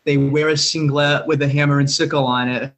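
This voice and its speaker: A man's voice: a little high, flat delivery, brisk, a bit bright. A man co-hosting a podcast who chats casually, is easily amused, and laughs often. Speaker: podcast co-host. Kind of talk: casual chat.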